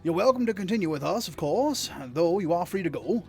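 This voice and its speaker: Guy doing a pompous wooden tree-man boss from a fantasy game, formal and a bit blustery, pitched up and loud. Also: animated, a little fast, faint music behind. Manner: formal, grand old-fashioned speech. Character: tall wooden tree-man, stately male group leader. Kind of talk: reading game dialogue aloud with voices.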